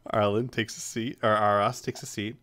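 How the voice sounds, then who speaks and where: Man game master narrating a tabletop game, relaxed, lowish voice. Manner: relaxed, with fillers and laughter.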